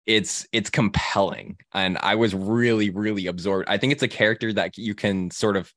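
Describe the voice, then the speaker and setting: Young male host, deep voice, halting casual talk, dry mic. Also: fairly even intonation, fairly bright tone, dry recording. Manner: halting, many restarts and fillers. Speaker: film podcast host. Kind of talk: casual film discussion.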